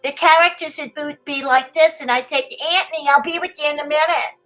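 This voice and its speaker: A woman's voice: high voice, steady tone, a bit bright, faint music behind, voice pushed up, rough recording. A woman putting on a ditzy Long Island Cleopatra. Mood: breezy, vain. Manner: breezy and unhurried about death.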